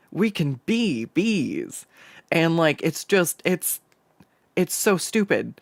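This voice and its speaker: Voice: mid-range voice, creaky, no echo. A livestreaming artist chatting casually while drawing, rambling with profanity and stumbling restarts, on a desk microphone at a home setup.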